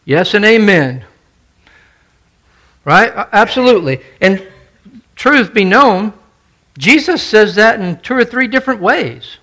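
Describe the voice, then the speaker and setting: A man preaching a sermon in a fairly high voice that swings widely in pitch. He is emphatic, repeats his main points and keeps asking his listeners questions. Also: fairly bright tone. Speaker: pastor.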